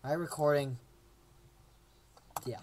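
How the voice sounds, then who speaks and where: A man's voice: a little high, steady tone, slow, a little mellow, a little hiss or hum. A young man casually commentating a game he plays at home, joking around and doing silly voices for the characters. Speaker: gameplay commentator.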